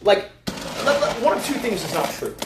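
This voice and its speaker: A high, animated male voice ranting with heavy profanity. He sounds off-mic in a roomy space, with loud household noise and dogs behind him. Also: normal speed, distant mic. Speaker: streamer's husband. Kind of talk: heated argument on a livestream. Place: home.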